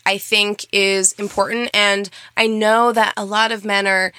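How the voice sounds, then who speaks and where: Bright, chatty woman podcast host. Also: mid-range voice, little pitch movement, measured pace, smooth, dry recording. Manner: chatty, laughing, frank. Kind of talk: casual chat.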